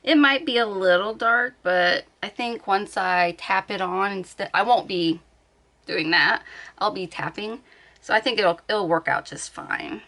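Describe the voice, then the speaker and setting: A woman's voice: medium pitch, a little slow, gravelly, bright, forceful tone. A woman vlogging from her bed at home, chatting casually, thinking aloud and laughing often. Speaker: beauty vlogger. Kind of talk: casual chat.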